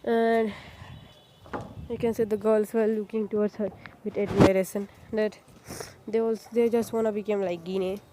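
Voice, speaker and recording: A woman casually retelling a fan story, halting often, padding with filler phrases and correcting herself. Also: medium pitch, flat delivery, background noise.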